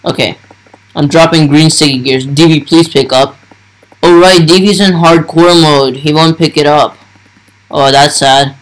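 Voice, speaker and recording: A young man narrates his gameplay in a starstruck rush, piling one exclamation onto the next. His voice sits a little higher than most men's. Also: fairly even intonation, unhurried, poor audio. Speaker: gaming YouTuber. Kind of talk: excited gameplay commentary.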